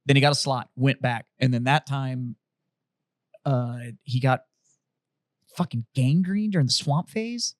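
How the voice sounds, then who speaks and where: Profane, animated storytelling podcast host. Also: male voice, medium pitch, a little slow, long pauses, dry recording, clean studio sound. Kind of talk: casual chat, storytelling.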